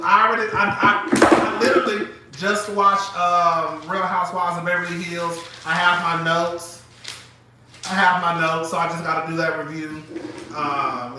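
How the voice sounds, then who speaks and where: A man hosting a live stream from his phone, chatting casually and dramatically, laughing often. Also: fairly high pitch. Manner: animated, dramatic, laughs often, calls listeners girl. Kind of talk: casual gossip chat. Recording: very echoey room, mic far off, faint noise.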